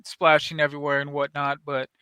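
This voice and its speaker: High, bright-voiced man. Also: monotone, brisk, clean tone, dry recording. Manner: loose, profane storytelling with laughs. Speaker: podcast host. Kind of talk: casual podcast chat.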